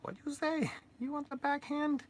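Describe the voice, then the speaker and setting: A man voicing a needy, creepy little male toy figure in a high squeaky falsetto. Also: steady tone, moderate pace, a little hiss or hum. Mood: wheedling. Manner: squeaky high falsetto, pleading then menacing.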